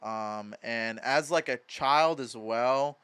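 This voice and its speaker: Speaking slowly in a clean, medium-pitched voice, a podcast guest from Madison, Wisconsin, spins casual stories. He's in his twenties, and his animated talk is heavy on "like" and profanity.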